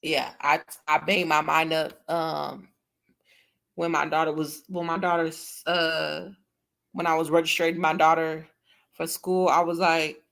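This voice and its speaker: A woman's voice: low voice, level tone, unhurried, creaky, fairly bright tone. A young adult woman chatting casually on her livestream, blunt and cussing freely as she talks to her viewers. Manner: blunt, cusses freely, speaks to viewers as y'all. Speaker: livestream host. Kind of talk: casual live-stream chat.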